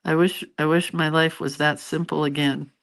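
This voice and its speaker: A woman's voice: deep voice, flat delivery, moderate pace, gravelly. A middle-aged woman hosting a casual live stream, chatting with her viewers and reading out their comments in a rambling, familiar way.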